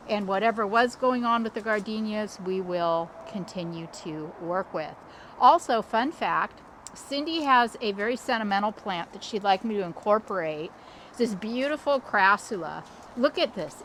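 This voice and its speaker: A middle-aged woman, a landscape designer who hosts her own channel, leads a casual backyard walkthrough outdoors, chatty and upbeat with small restarts. Her voice sits in the mid-range and is slightly bright, with a bit of hiss or hum in the recording.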